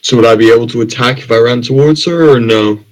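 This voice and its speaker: A man's voice: mid-range voice, fast talker, poor audio. Man narrating his character solemnly. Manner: solemn, dramatic declarations. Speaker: player. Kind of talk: tabletop play with in-character narration.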